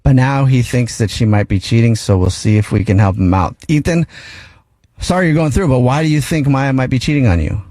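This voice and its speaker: A man hosting a radio talk show, upbeat and quick to laugh. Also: medium pitch, warm tone, dry recording, studio quality.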